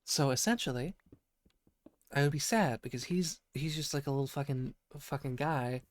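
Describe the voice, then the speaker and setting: A man with a croaky voice from being sick, rambling through a profane casual monologue full of restarts, as a podcast host. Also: medium pitch, moderate pace. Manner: rambling, profane, self-interrupting.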